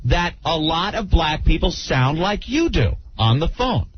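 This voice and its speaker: A man's voice: fairly high pitch, big pitch swings, unhurried, highs cut off, a little hiss or hum. A man co-hosting a radio show, sarcastic and provoking a caller, interrupting often. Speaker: radio co-host. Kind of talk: combative talk radio.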